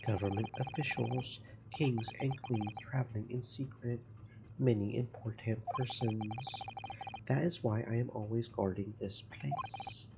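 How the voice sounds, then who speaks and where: A man putting on a gruff sailor. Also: medium pitch, measured pace. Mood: curt. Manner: broken English, curt and dismissive. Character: gruff male sailor guard, blunt and stubborn. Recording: muffled with steady background noise.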